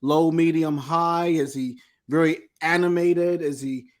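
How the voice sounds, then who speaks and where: A male podcast host with a slightly higher voice, asking his guest probing questions one after another, curious and direct. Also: steady tone, unhurried. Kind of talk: interview questions.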